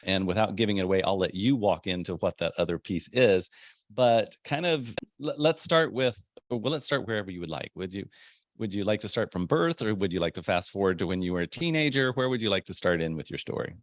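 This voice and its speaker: A man's voice: lowish voice, fairly quick, no echo, studio quality. A man hosting a podcast, upbeat and rambling, joking often with his guest. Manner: upbeat, rambling, jokey, laughs a lot. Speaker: podcast host. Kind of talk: podcast interview.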